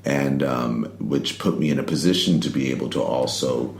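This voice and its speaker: Interview guest, middle-aged man, very low gravelly voice, loose rambling delivery, roomy sound. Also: moderate pace, slight background noise. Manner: laid-back, rambling, lots of "you know" and "like". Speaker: interview guest, poet and rapper. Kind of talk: casual interview storytelling. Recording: roomy recording with faint ambience.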